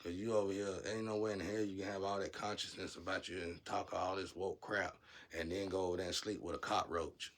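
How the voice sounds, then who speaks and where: A man vlogging a blunt, profane rant, scolding his viewers and swinging from low muttering to loud shouting. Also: level tone, fairly quick. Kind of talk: ranting monologue to camera.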